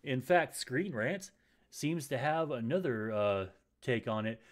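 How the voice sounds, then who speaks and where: A man hosts a casual gaming news chat from a home setup, with a voice of ordinary pitch. He rambles, stumbles over his words and fills pauses with many uhs. He swears freely and goes off on tangents. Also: expressive. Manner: rambling, stumbling, profane, lots of uh fillers. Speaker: podcast host. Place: home setup, live stream.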